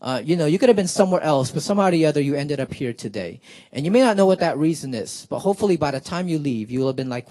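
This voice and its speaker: High-voiced young man hyping a crowd. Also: quick pace. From South Florida. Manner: animated, hyping the crowd, many "like" fillers. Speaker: spoken word poet. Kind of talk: live spoken word show with crowd banter.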